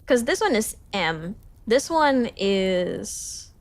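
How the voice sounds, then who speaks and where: Young woman streamer from the Philippines, mid-pitch voice, reads study notes aloud, chirpy asides to chat, a bit self-conscious. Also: very animated, drawn-out words, dry recording. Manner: reads lessons aloud, then jumps to high cheerful greetings to chat. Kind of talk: casual study livestream, reading notes aloud.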